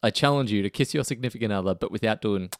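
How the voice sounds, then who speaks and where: A man's voice: lowish voice, fast, no echo, studio quality. A man co-hosting a podcast in a jokey, rambling casual chat, with the microphone right at his lips. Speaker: podcast co-host.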